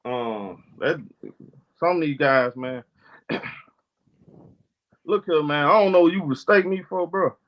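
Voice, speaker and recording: A man's voice: a little high, unhurried, pauses often. A man hosting a casual livestream chat, talking back at his viewers in a combative, profane way. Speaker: livestream host. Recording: muffled lo-fi stream audio.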